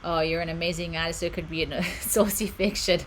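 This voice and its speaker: A woman on the lower side of the usual pitch range leads a casual livestream card reading from a room at home. Her tone is bright and sharp. She chats freely, reads out viewer comments and giggles often. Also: completely flat delivery, fast, a little hiss or hum. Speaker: oracle card reader and channel host. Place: home room with her books on shelves behind.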